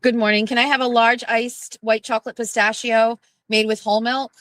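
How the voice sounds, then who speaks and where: A woman's voice: on the high side, level tone, a bit bright, no echo, low-quality recording. A woman, hosting her show and telling a casual, profane story, quoting the people in it. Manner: chatty and profane, quoting others in quick back-and-forth. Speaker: host.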